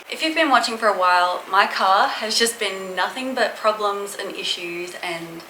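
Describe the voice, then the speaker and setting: A woman's voice: medium pitch, moderate pace, few pauses, pushed and bright, a little hiss or hum, low-quality recording. A young Australian woman chatting casually in a bubbly, gushing vlog, laughing easily. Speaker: vlogger.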